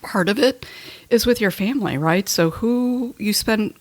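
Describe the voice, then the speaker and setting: A woman's voice: medium pitch, animated, unhurried, no room sound. A woman hosting a podcast, talking casually and chattily, often joking at her own expense. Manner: chatty, self-mocking, laughs while talking. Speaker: podcast host. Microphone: headphones and mic.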